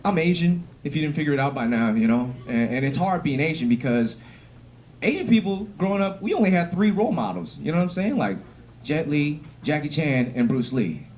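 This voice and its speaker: A man's voice: fairly quick, a little hiss or hum. A young man doing a stand-up comedy set on a club stage, with a punchy, swaggering delivery. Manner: punchy, swaggering delivery with lively pitch swings.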